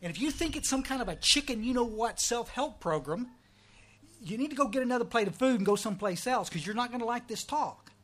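A middle-aged Texan man speaks to a recovery meeting in a folksy, joking, emphatic way. His voice sits high for a man. He talks plainly and directly to the room. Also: lively intonation, a little fast. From Texas. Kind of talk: testimony talk.

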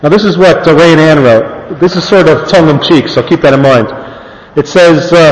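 Man, slightly high voice, speaker reading clippings to a room, casual fillers, roomy reverberant hall sound. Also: moderate pace. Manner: plain reading with fillers and amused asides. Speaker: speaker on early AA history. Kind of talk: talk reading aloud from old newspapers. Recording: echoey hall with long reverb.

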